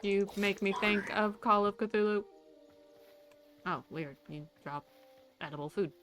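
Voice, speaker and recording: A young woman streams a game, chatting casually to herself and to the creatures she runs into. Her voice is medium-pitched and measured, set against a noisy background.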